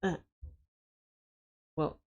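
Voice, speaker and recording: A woman's voice: drawn-out words, darkish tone, muffled recording. A woman streaming a co-op game with friends, chatting casually and hesitantly with lots of fillers and frequent giggles.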